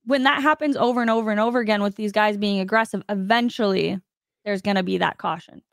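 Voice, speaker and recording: A woman's voice: mid-range voice, fast, gravelly, no room sound, clean studio sound. A woman racing driver guest on a live race-watching stream, speaking casually with many fillers. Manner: casual, uses "like" a lot.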